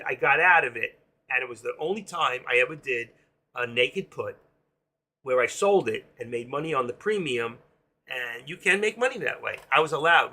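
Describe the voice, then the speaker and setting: A man hosting a live trading stream, explaining options and telling animated, excitable stories about his own trades, swearing casually. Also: on the high side. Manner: explains while drawing on a chart.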